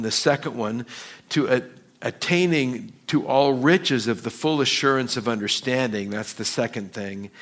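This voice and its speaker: A male pastor preaching a sermon, slowing down to stress scripture and acting out the quoted lines with lively shifts of voice. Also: mid-range voice. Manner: animated, acts out quoted voices.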